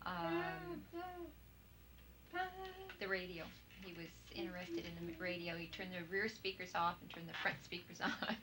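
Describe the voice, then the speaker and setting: A woman's voice: on the low side, lively intonation, measured pace. A mother chatting casually about her child, listing things off one by one. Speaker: parent of an implanted child. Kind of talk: casual conversation. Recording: noisy old video recording.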